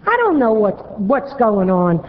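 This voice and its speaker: A woman's voice: mid-range voice, big pitch swings, unhurried. A woman making a blunt, scolding public comment from a podium microphone in a city council chamber. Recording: echoey hall, dull broadcast sound.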